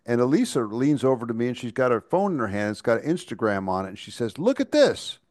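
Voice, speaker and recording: A podcast co-host chats casually, often restarting sentences and stammering. His mid-range voice is a little mellow and fast, recorded as clean studio sound with no echo.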